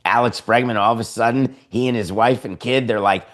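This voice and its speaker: A man hosting a sports talk podcast, delivering sarcastic, opinionated commentary in an animated way. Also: medium pitch, brisk, few pauses. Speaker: podcast host.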